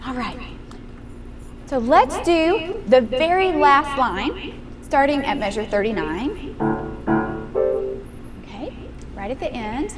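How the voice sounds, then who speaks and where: A woman's voice: sits high, very animated, slow, long pauses. A woman piano teacher coaching a young student in a master class, encouraging and asking guiding questions. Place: room with a piano. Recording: piano music in the room.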